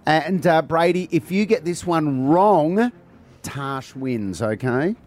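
A man's voice: fairly high pitch, expressive, slow pace. An Australian man hosting a breakfast radio show, joking and laughing through casual banter in a studio. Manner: jokey, laughs often, leads the segments. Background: music bed.

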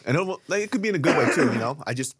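A man's voice: fairly high pitch, animated, racing, a bit bright, slightly rough, no echo. A man swapping crude stories in casual chat as a podcast co-host, swearing freely and laughing often. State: wearing knee braces.

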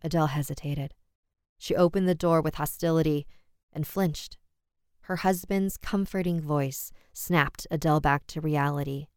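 A woman telling a horror story in a measured, dramatic style. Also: low voice, steady tone, clear, resonant tone, no room sound, studio quality. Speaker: narrator. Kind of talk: scripted horror narration.

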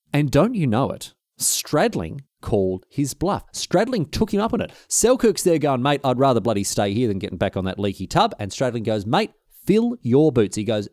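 Animated man telling a story. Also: lowish voice, no echo, clean studio sound. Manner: animated, slangy, acts out the quotes. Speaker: podcast host. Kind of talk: casual storytelling narration.

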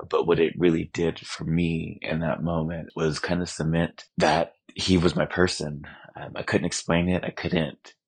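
A man giving a heartfelt personal testimony as a podcast guest, halting and full of fillers. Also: low voice, gravelly, slightly rough.

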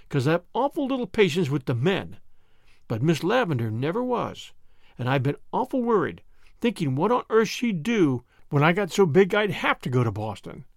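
A man's voice: high-pitched, no room sound, studio quality. A man reading an audiobook, voicing a blunt, devoted young servant girl with folksy, deferential speech.

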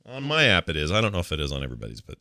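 A man's voice: sits low, huge pitch swings, very fast, sharp tone, no echo, studio quality. A man hosting a podcast in casual chat, joking and bantering playfully. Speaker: podcast host.

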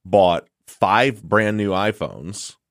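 A man co-hosting a podcast, telling a story in casual chat, swearing freely and acting out his own shouting. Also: lowish voice, drawn-out words, dry recording, clean studio sound. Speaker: podcast co-host.

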